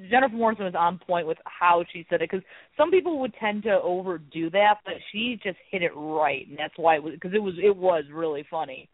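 High-voiced man on a dry tinny line. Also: a little fast, few pauses, no room sound. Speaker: podcast co-host. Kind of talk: casual podcast chat.

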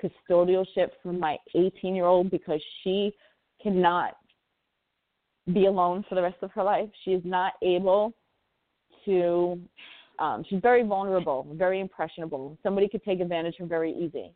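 A woman's voice: fairly low pitch, fairly even intonation, moderate pace, dry recording. A woman in her forties, a parent telling her story as a radio interview guest, earnest and impassioned, often repeating words for emphasis. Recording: tinny phone line, dry.

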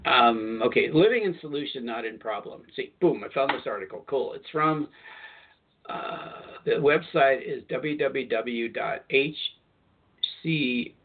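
A man's voice: medium pitch, measured pace, slight background noise. A man with a mid-range voice hosts a spiritual talk radio show, chatting loosely and circling back to fix his own words. The sound is thin and tinny, like a phone line. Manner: rambling, self-correcting and chatty.

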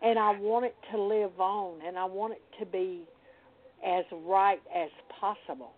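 An older woman from the Deep South, talking casually as a guest, telling stories with emphatic agreement. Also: steady tone, a little slow. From American Deep South. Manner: warm storytelling, emphatic agreement. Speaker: conjure worker, guest. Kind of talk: casual conversation. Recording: tinny phone-line sound.

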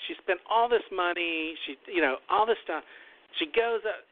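A man's voice: high-pitched, normal speed, no room sound. A man hosting a talk show, telling a long story in a loose, rambling way and often repeating himself. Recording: tinny phone-like line, dry.

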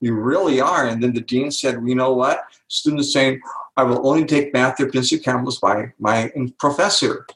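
An older man, appearing as a guest author in an interview, explains his ideas at a moderate pace in a medium-pitched voice. He is emphatic and animated, acting out the quoted lines of the people in his stories. The room sounds echoey.

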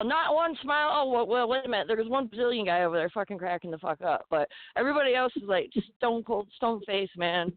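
A woman's voice: a little high, fast talker, dry recording. Woman guest, 30s, salty and giggly storyteller, dry tinny phone-line sound. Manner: profane, laughing, animated storyteller. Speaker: guest fighter. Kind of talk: casual podcast storytelling.

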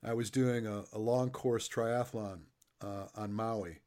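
A man's voice: fairly low pitch, steady tone, slow pace, a little mellow. A middle-aged man interviewing a guest and coaching, telling loose, joking stories in a casual chat. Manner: chatty storyteller, loose and joking.

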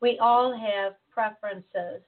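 A woman from Chicago talking in an animated, casual way and quick to jump in. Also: mid-range voice. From Chicago, USA. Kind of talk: casual conversation. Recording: tinny phone-like line.

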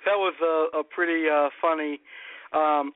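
Radio host, hesitant halting intro, higher voice, dry phone-like sound. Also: male voice, fairly even intonation, no room sound.

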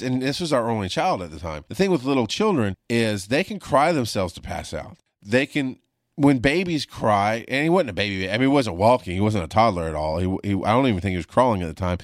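Profane storytelling man, low and dry. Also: dry recording. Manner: animated, profane, voice jumps high when reenacting panic. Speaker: paramedic podcast host. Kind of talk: casual storytelling monologue.

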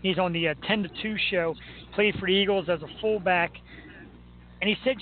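A chatty male talk show host with a notably high voice runs through his favorite local athletes in an enthusiastic, rambling way. The sound is thin and phone-like, with a faint hiss behind him. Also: fairly even intonation, fairly quick. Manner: chatty, enthusiastic fan banter. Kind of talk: casual sports talk.

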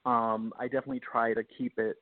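A male musician chatting as an interview guest, animated and quick to laugh as he explains his songs. His voice sits in a middle pitch and comes through a thin, phone-like line. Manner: animated, laughing, self-correcting. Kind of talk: casual interview talk.

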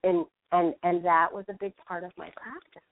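A woman with a somewhat low voice tells a story earnestly as a guest in a radio conversation. The sound is narrow and phone-like, with no room echo at all. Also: fairly even intonation, moderate pace. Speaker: spiritual teacher, guest. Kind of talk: casual radio interview talk.

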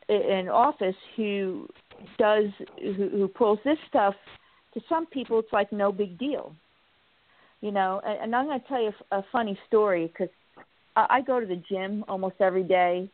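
A woman hosting a political talk show, speaking in a halting way with many restarts and telling stories with acted-out quotes. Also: mid-range voice. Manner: animated storytelling, acts out quotes. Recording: tinny phone-like line.

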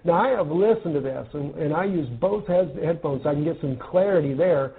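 A man from the United States comments on news articles in an earnest, conversational manner, pausing to think mid-sentence. His voice sits a little on the high side for a man. The audio is narrow and tinny, like a phone line.

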